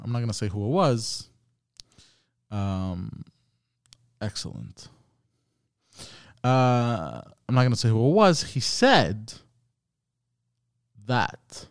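This man's medium-pitched voice comes through clean, with no room sound and studio quality. Streaming live, he rambles and curses his way through a casual rant, talking straight to chat.

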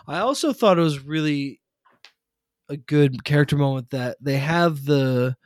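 A man's voice: fairly high pitch, animated, normal speed, no room sound. Chatty enthusiastic man, dry sound. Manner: chatty, enthusiastic, rambling with fillers. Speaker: podcast co-host. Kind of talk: casual movie discussion.

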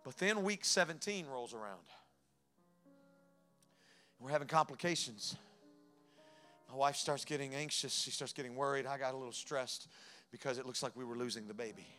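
Guy preaching a sermon, storytelling, goes soft then loud, mid pitch, bit of music under it. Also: normal speed, long pauses. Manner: personal storytelling, swings from hushed to loud and emphatic. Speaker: pastor. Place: church sanctuary.

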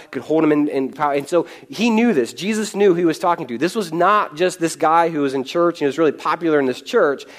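A man with a voice on the high side preaches on a Bible passage in a relaxed, conversational style. Lively and informal, he slips in quick asides and little chuckles.

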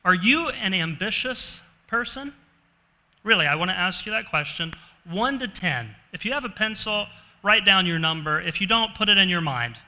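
A pastor preaches a conversational sermon at an unhurried pace, putting questions to his listeners. His voice is strikingly bright and a bit high, and it echoes through a reverberant church hall. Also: expressive. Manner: conversational, asks the congregation questions.

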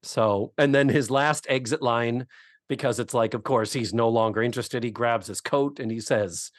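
A man co-hosting a podcast, casually recapping a TV episode with animated storytelling. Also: mid-range voice, moderate pace, no echo, studio quality. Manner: animated storytelling, acts out quotes. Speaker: podcast co-host.

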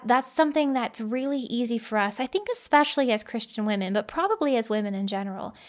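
Woman host, mildly high voice, earnest and conversational, shares personal stories on her podcast. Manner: earnest, personal storytelling with frequent "you know".

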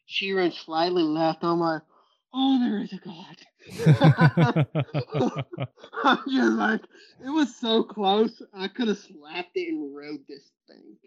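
A Texan man with a drawl, guesting on a podcast, tells hunting stories in a high, expressive voice, speaking slowly. He laughs often and plays out each quote with gusto, and the recording is muffled and lo-fi with the top end rolled off.

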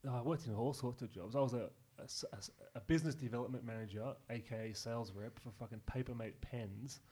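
A young Australian man at a mid pitch, chatting loosely on a podcast. He rambles through his stories, swears freely and breaks into laughter at his own jokes. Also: fast, mellow, husky. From Newcastle, Australia. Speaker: comedian guest. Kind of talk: casual podcast chat.

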